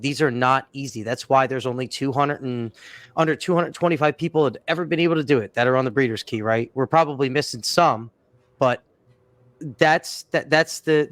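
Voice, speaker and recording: A man's voice: mid-range voice, a bit bright, no room sound. A man co-hosting a podcast, giving emphatic advice in a casual chat and stammering at times. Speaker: podcast co-host.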